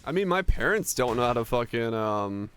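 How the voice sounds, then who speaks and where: A young man from Finland whose first language is Finnish, chatting casually with his stream chat, swearing freely and telling animated stories with frequent laughs. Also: medium pitch, moderate pace, slight background noise. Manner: profane, animated storytelling, laughs often.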